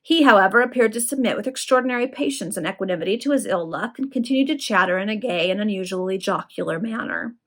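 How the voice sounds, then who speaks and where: Woman, reading a novel aloud to friends, lively, expressive. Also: medium pitch, fast, few pauses. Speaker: reader.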